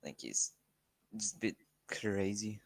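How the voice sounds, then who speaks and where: A man's voice: lowish voice, lively intonation, slow pace, creaky, no room sound. An Australian man chatting over a voice call, distracted and mumbling while he plays. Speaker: friend on voice call. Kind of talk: casual chat over voice call.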